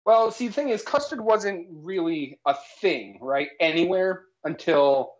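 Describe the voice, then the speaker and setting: With a high, expressive voice and a slightly slow delivery, a man co-hosts a jokey live cooking stream. Acting mock-authoritative, he explains absurd facts and keeps adding "all right?" to his lines. The stream audio is lo-fi and slightly dull.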